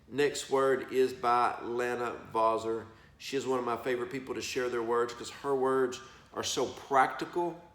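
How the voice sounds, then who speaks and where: A man preaches with folksy, emphatic energy, swinging his pitch up and down and stretching words for effect. His voice sits at a medium pitch and carries the echo of a bare room. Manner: folksy, emphatic, addresses listeners as y'all and baby. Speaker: preacher sharing prophetic words. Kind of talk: animated preaching to camera.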